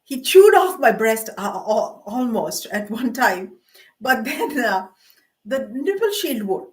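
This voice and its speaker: A woman's voice: a little high, very animated, slow pace. A middle-aged woman telling rambling, self-mocking personal stories with many fillers and asides. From Canada. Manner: meandering, self-mocking, with frequent fillers and laughs. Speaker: vlogger.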